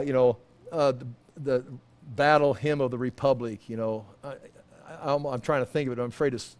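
A high-pitched male preacher teaching scripture in a loose, conversational sermon. He rambles, stops himself mid-thought and drops in joking asides. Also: a little mellow. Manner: rambling, self-interrupting, humorous asides. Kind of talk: informal sermon, Bible teaching.

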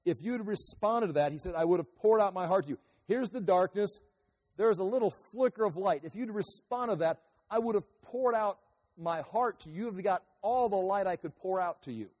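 High-voiced man preaching in a hall. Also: moderate pace. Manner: animated preaching with sudden shifts from loud to quiet. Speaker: pastor. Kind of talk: sermon.

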